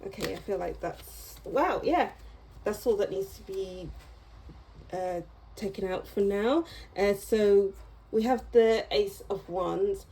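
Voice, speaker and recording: A woman's voice: mid-range voice, slow pace, mellow, a little hiss or hum, rough recording. A woman giving a casual tarot reading to camera, chatty and meandering, with small laughs as she goes. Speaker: tarot reader.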